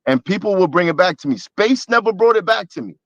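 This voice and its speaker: A man's voice: high-pitched, animated, fast talker, fairly bright tone, no room sound. Storytelling man in a dull clip. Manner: storytelling, mimics others mockingly. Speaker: podcast host in a played clip. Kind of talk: casual chat.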